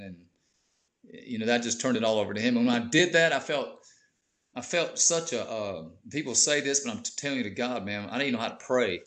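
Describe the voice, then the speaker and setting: A man speaks about his faith in a casual podcast chat, earnest and openly moved. His delivery is heartfelt and plainspoken, dotted with an easy "man." His pitch sits in an ordinary middle register. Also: a bit bright. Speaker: podcast guest, bishop. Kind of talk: emotional testimony in casual chat.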